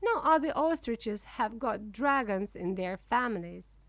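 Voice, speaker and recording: A woman voicing a calm father ostrich who explains things steadily in a storybook reading. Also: on the high side, a little slow, no echo. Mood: firm.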